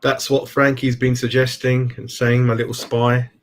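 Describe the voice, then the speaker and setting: A man's voice: mid-range voice, flat delivery, normal speed. A middle-aged man chatting casually on a live fan stream, calling everyone "mate" as he goes. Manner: chatty, says "mate" a lot. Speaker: fan channel host.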